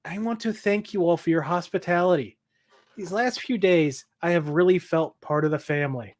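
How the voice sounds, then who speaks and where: A man's voice: high voice, moderate pace, close to an everyday voice. A man putting on a spiteful old widow. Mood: sugary. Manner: gleeful, mocking, exaggerated. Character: scheming elderly widow, cheerfully spiteful.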